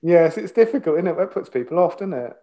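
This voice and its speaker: A man's voice: sits high, expressive, fast talker, mellow, highs cut off. A man co-hosting a casual podcast chat, agreeable and leaning on tag questions like "isn't it?" and "know what I mean?". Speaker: podcast co-host.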